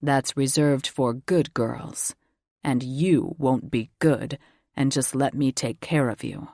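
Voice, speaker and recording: A commanding male alpha wolf shifter, as a woman narrator puts him on, speaking in a very deep, slow murmur. His lines come out unhurried and possessive, like an audiobook lover giving orders. The sound is close and dry, with no room around it. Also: gravelly, dark tone, no echo, heavily acted.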